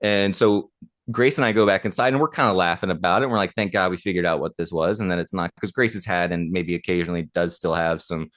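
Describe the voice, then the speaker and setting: A man's voice: sits low, quick pace, a bit bright. A man co-hosting a podcast, telling a long anecdote in a casual, rambling way with lots of fillers. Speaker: podcast co-host. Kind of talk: casual storytelling chat.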